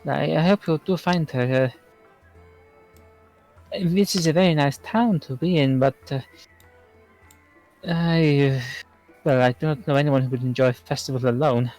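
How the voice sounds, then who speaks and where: A man's voice: fairly high pitch, a little mellow, soft background music, natural voice, low-quality recording. A man doing a stammering shy kobold girl. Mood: timid. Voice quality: stammering, halting. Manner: timid and polite, full of hesitant fillers. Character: shy flustered young female kobold villager.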